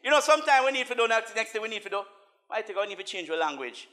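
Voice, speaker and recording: High bright-voiced preacher. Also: male voice, big pitch swings, rapid-fire. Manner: preaching with call-and-response and chanted repetition; laughing asides, swings from soft to shouting. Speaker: minister. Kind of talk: sermon.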